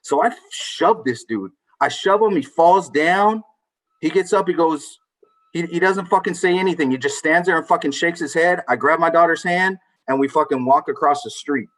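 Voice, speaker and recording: A man's voice: on the high side, moderate pace, fairly bright tone, rough recording. A man hosting a casual chat with friends, telling a story with energy and swearing freely. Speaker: podcast host.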